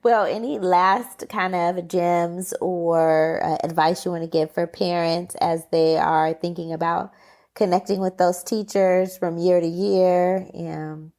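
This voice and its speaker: Gravelly-voiced woman podcast host. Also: fairly low pitch, steady tone, slow, darkish tone. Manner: rambling questions full of fillers and restarts. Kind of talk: conversational interview.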